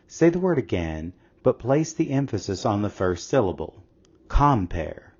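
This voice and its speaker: A man narrating a scripted English lesson in a slow, measured, explanatory way. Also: lowish voice, darkish tone, breathy edge. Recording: slightly dull lo-fi audio.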